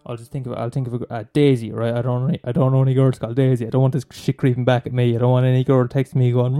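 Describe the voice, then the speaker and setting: A man's voice: medium pitch, level tone, racing, few pauses, dark tone, faint music behind. A young man doing a profane, mocking comic rant, rambling and swearing constantly. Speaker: comedian.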